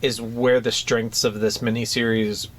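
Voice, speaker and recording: A man in casual chat as a podcast co-host, his voice sitting in an ordinary middle pitch. He talks conversationally, stopping and restarting his sentences often, with plenty of fillers. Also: flat delivery, unhurried, a bit bright, a little hiss or hum.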